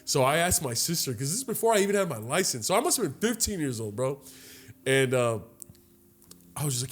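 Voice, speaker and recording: A young man co-hosting a podcast, telling a long story in a casual, profane, animated way and acting out the other people's lines. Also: medium pitch, fast. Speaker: podcast co-host. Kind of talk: casual chat.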